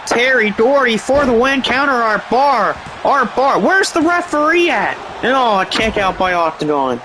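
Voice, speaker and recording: A man giving excited, rambling play-by-play commentary over a wrestling game, with chatty asides. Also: very high voice, moderate pace, noisy background.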